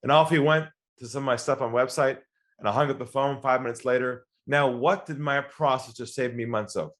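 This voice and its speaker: A man's voice: mid-range voice, fairly quick, fairly bright tone. A man guest on an interview podcast, teaching sales by telling stories and acting out both sides of phone calls. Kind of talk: storytelling interview talk.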